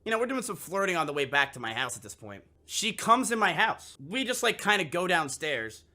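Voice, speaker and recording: A man's voice: sits high, big pitch swings, fairly quick, bright, forceful tone. A young man streamer telling a story casually to his live chat, swearing freely and acting out both sides of the conversation.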